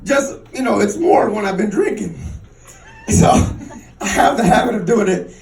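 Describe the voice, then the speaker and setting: A man doing a stand-up comedy set, telling crude stories with an animated delivery and squealing into high voices for other people. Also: measured pace, creaky. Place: comedy club stage. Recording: roomy club sound, mic a bit distant.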